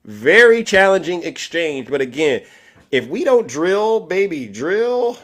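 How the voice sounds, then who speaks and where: A man hosting a live political call-in stream, talking in an animated way and saying "all right" over and over. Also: high-pitched, slow. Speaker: live call-in show host.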